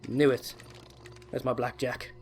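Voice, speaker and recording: A man's voice: medium pitch, little pitch movement, measured pace, a little mellow, faint music behind. A man giving chatty, enthusiastic gameplay commentary, often correcting himself. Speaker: let's play host.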